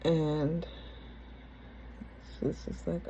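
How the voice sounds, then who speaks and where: A woman candidly retelling a personal story in a casual, halting, conversational way. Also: on the low side, dark tone, muffled recording, a little hiss or hum.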